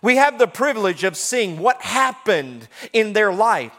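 A man, talking through scripture in an emphatic, folksy, excitable way. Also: sits high, a little slow. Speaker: preacher. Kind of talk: animated scripture talk.

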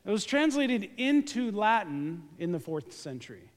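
A man preaching a lively, joking sermon, speaking straight to his congregation during a live church service. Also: high-pitched, normal speed. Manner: joking, animated, talks to the congregation directly. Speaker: pastor. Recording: live church recording with long hall reverb.

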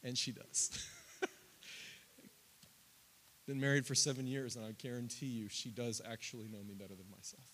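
A man in his thirties preaching a sermon, climbing loud and high through lists and quoted prayers, then dropping low and quiet. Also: fairly even intonation, moderate pace, pauses often, a little hiss or hum. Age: 30s. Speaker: pastor.

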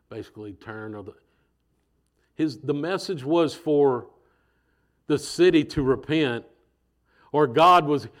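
A man preaching a sermon in a conversational, animated way, acting out voices as he goes. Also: mid-range voice.

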